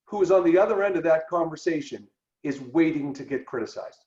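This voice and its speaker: A man co-hosting a podcast, talking through ideas in an animated way and acting out quoted dialogue. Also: fairly high pitch, a little fast. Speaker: podcast co-host. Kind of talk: conversational podcast discussion. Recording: roomy, dull lo-fi sound.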